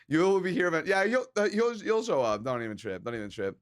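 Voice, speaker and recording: Tipsy, joking male streamer, high voice. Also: very animated, fairly quick. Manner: loose, joking, profane, slips into Spanish words. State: a little drunk. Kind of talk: casual drunk stream chat reading chat aloud.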